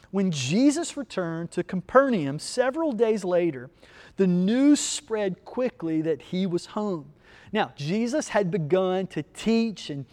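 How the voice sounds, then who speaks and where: A man's voice: high voice, darkish tone, long reverb tail. A man preaching as pastor in an online church service, telling a story and speaking directly to his viewers.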